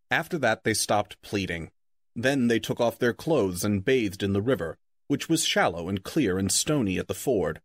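A man narrating a children's fantasy novel in an expressive storytelling manner. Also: on the low side, normal speed, no echo, clean studio sound. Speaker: audiobook narrator.

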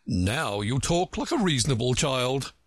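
A man's voice: mid-range voice, measured pace, dry recording, voice pushed up. A man doing a pompous, scornful know-it-all. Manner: pompous, contemptuous, lively lilting delivery. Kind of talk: storybook reading.

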